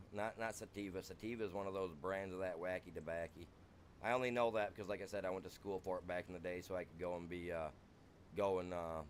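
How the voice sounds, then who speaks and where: A young American man with a deep voice streams a farming game, rambling through a wild personal story and saying "dude" constantly. There's slight background noise.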